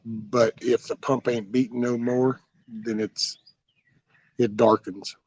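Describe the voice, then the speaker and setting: A man's voice: medium pitch, flat delivery, slow pace, darkish tone, dry recording. A man hosting a livestream, rambling through folksy stories with mild cursing as he answers viewer comments. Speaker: livestream host.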